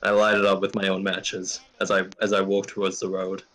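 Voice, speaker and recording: A man playing a tabletop role-playing game, describing his character's actions in a gruff, swearing manner. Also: deep voice, monotone, a little fast, fairly bright tone. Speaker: player. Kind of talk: casual tabletop role-play.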